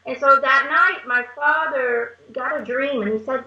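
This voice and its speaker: A woman's voice: sits high, measured pace, few pauses, pushed and bright. A woman being interviewed as a medium, telling chatty stories and laughing often. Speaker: guest medium. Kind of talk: casual interview chat. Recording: echoey, dull lo-fi recording.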